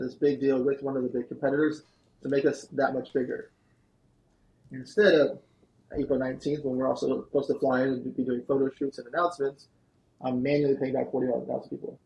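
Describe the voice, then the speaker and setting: A man, a guest on a podcast, telling a long story in an animated, fast-moving way. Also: medium pitch, rough recording. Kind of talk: storytelling interview answer. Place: podcast studio.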